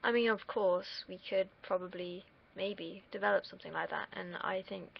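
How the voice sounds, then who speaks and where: A woman's voice: medium pitch, steady tone, normal speed, vocal fry, slight background noise. A young woman rambling casually on a livestream, drifting off on tangents and swearing now and then. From United Kingdom. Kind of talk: casual rambling stream chat. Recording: dull lo-fi stream mic.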